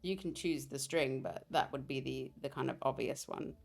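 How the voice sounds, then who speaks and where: Woman player, low and gravelly, joking and self-deprecating. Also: normal speed, faint music behind. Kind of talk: casual tabletop play.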